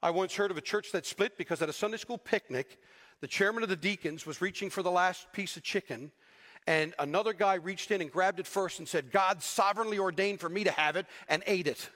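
A man preaching a sermon with animated delivery, acting out the people he quotes. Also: high-pitched, brisk, in a large hall. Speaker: pastor.

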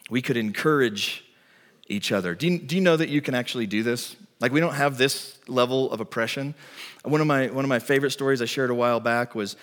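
A man's voice: mid-range voice, a little fast, a bit bright. Conversational male pastor in a reverberant hall. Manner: conversational, storytelling delivery. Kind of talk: sermon. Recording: long reverb of a large hall.

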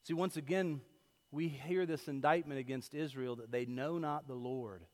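Pastor preaching in a reverberant hall. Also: male voice, mid-range voice, moderate pace. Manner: lively storytelling, swings from loud to hushed. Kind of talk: sermon. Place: church sanctuary.

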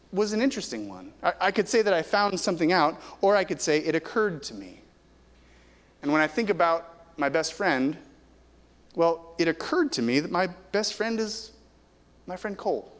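Pastor guy in his 30s giving a sermon, kinda high voice, long echo from the church hall. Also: sing-song. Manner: earnest, conversational preaching with pauses and restarts. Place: church sanctuary.

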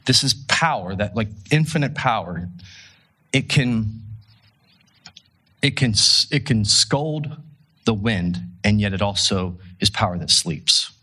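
A man preaching a casual, conversational sermon, telling a story with rhetorical questions and an animated delivery. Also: mid-range voice, husky. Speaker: pastor.

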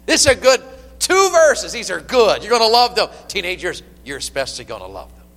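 A man preaching a sermon in a church, animated and folksy with humor. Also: high-pitched, fairly quick. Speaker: pastor. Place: church sanctuary. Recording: long reverb of a church hall.

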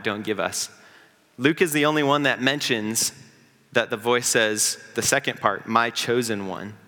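A man preaching a sermon as pastor, earnest, building up and slowing down for emphasis. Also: medium pitch, bright, forceful tone, in a large hall.

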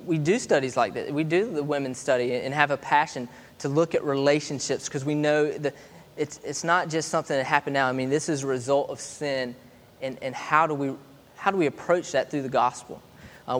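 A man in his thirties preaching a sermon in a chatty way, stopping and restarting often. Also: medium pitch. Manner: conversational, halting with many restarts. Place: church hall. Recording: long hall reverb.

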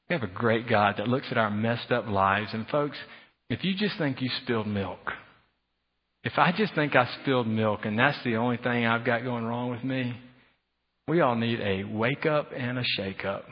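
This sermon comes from a husky male pastor with a mid-range voice, preaching animatedly in a big church hall where his voice fades into a long reverb. He takes on other people's voices to make his point. The sound is slightly dull.

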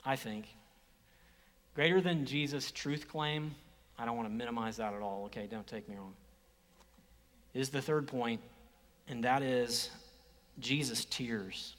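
A man preaching a sermon as a pastor, dropping to hushed whispers and rising to loud emphatic exclamations, acting out quoted speech. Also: medium pitch, unhurried, long pauses, in a large hall. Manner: acts out quoted speech in lively voices.

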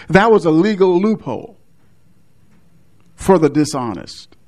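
A man's voice: on the high side, very animated, slow pace, darkish tone. A man preaching an expository sermon, explaining a Bible passage with frequent restarts and short laughs.

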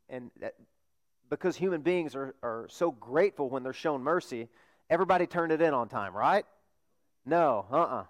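A male pastor preaching a sermon, putting questions to the congregation and dropping to a hush for emphasis. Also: fairly high pitch.

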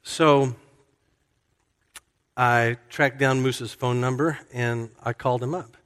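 Speaking slowly and steadily, this pastor has a mid-range voice with a slightly bright edge. His sermon unfolds as a casual story full of self-corrections and sentences begun anew, all echoing with long hall reverb.

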